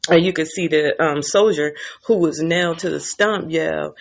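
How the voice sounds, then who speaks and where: A woman's voice: deep voice, moderate pace, creaky, few pauses. A woman casually recapping TV episodes, chatty and profane, laughing as she tells the story. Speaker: TV recap vlogger.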